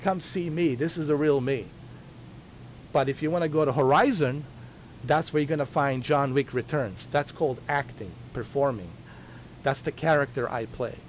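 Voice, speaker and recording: A male gaming streamer talks in casual, rambling chat. His voice sits at a middle pitch, and he often restarts his sentences and pushes his point. A faint hum runs behind him. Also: normal speed. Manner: rambling and insistent, with many restarts.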